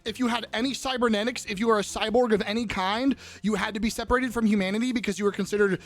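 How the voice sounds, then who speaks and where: A man's voice: sits high, steady tone, fast talker. A young man live-streaming in casual chat, crudely joking and riffing on messages from his viewers.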